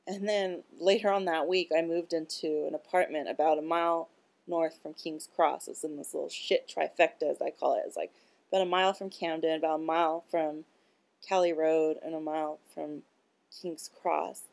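A woman's voice: deep voice, steady tone, moderate pace, gravelly, a little mellow. A woman talking in a rambling, casual monologue. She is blunt and profane, and she leans on filler words as she goes. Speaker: vlogger.

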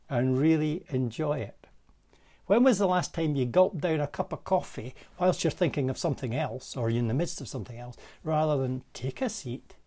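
A man with a Scottish accent, a parish minister giving a gentle, conversational reflective sermon from a room in his manse. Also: fairly high pitch. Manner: gentle, conversational, with pauses and soft laughs.

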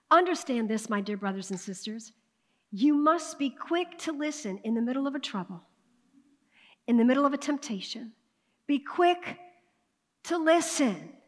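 A woman pastor preaching a sermon, calling out to the congregation, swinging from hushed asides to loud emphatic bursts. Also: sits high, expressive, unhurried, long pauses. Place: church sanctuary. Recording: long hall reverb of a church sanctuary.

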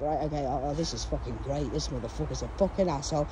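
A hoarse woman filming herself outdoors at a cemetery on a phone, rambling to camera in a profane and agitated way and coughing now and then. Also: low voice, fast, a little hiss or hum. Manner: profane, agitated and loud, veering off topic. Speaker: vlogger.

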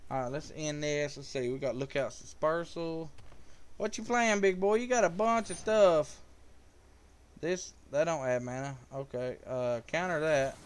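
A man's voice: a little high, measured pace, clear, resonant tone. A man giving casual live gameplay commentary, joking with viewers and calling out their names. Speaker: live streamer.

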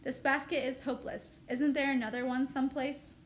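A cocky young soldier-to-be from a storybook, proud of himself and quick to scold, as a woman reads him aloud. The voice stays high, with faint ambient noise behind. His lines are lightly voiced rather than acted. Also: level tone, natural voice. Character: older brother, young man, proud and cocky. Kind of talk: reading a novel aloud.

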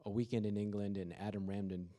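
A man giving a sermon, opening with a prayer and then telling a travel story, moving from quiet storytelling to emphatic fervor. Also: on the low side, flat delivery, fast. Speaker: preacher. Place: university chapel or hall.

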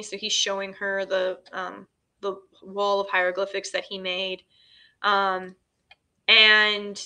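Chatty woman with a bright voice. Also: medium pitch, smooth. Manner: chatty, filler-heavy, retells scenes in quoted dialogue. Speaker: host. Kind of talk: casual film recap.

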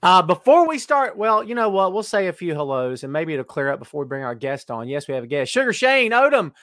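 Brief: middle-aged male host, playful teasing patter, lively high voice, dry close mic. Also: fairly quick, dry recording. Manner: jokey, teasing, greets viewers by name. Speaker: podcast host. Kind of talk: live-stream wrestling podcast chat. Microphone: webcam live stream.

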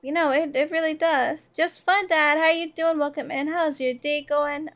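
Brief: high, chatty woman streamer, swears freely and greets chat by name, dull lo-fi mic. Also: fairly even intonation, moderate pace, a bit bright. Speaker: livestreamer. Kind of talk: casual live-stream chat while gaming.

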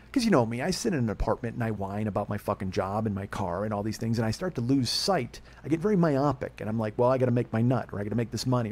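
Man, middle-aged, podcast host, quick delivery, profane, excitable storytelling. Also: mid-range voice, slightly rough. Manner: rambling, profane, excitable with acted-out dialogue. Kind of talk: casual monologue storytelling.

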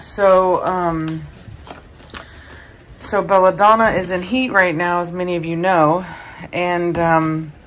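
A woman's voice: on the low side, steady tone, takes it slowly, long pauses, a bit bright, a little hiss or hum. A tired woman hosting a dog channel, chatting casually in the early morning, often saying "um". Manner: chatty, with frequent "um" fillers. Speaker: dog breeder and channel host. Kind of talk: casual vlog chat.

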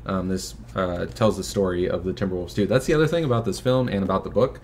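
Slight background noise accompanies this low-pitched young man, who speaks quickly. He's a filmmaker guest and the host's son, chatting loosely on a fundraising livestream, relaxed, heavy on fillers, and often chuckling.

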